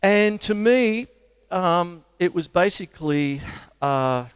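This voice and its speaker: A man's voice: sits high, animated, takes it slowly, smooth, no echo. Chatty Australian man teaching drums. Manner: chatty, counts beats aloud. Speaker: drum teacher. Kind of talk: livestreamed drum lesson. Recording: drum kit loud behind voice.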